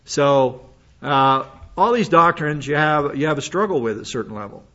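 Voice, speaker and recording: A man's voice: on the high side, expressive, moderate pace, a bit bright. Older guy preaching, chatty and meandering, trips over his words, kinda muffled recording. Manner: rambling, folksy asides with many restarts. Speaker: pastor. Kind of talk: sermon. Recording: slightly dull lo-fi recording.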